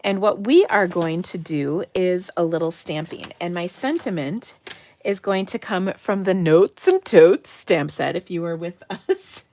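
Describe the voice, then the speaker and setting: Chatty, lowish-voiced woman demonstrating crafts. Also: expressive, unhurried. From Minnesota. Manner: chatty and enthusiastic, with soft muttered asides. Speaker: craft livestream host. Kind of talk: live card-making demonstration.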